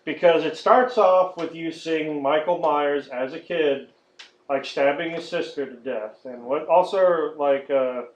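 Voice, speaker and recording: A man's voice: fairly high pitch, measured pace. A man hosting a podcast, ranting in casual chat with frequent swearing and mocking impressions. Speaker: podcast host. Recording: echoey lo-fi room recording.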